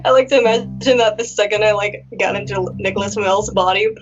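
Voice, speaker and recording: A woman's voice: medium pitch, fairly even intonation, quick pace, muffled recording, faint music behind. A woman playing in a tabletop role-playing game, talking in a chatty way and laughing easily. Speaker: player.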